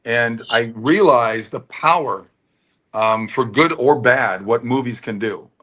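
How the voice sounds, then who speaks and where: A man's voice: medium pitch, slow pace. A middle-aged American man telling stories in a candid interview and acting out the dialogue in them. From United States. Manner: animated storytelling, often acting out quoted dialogue. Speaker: actor and producer, interview guest.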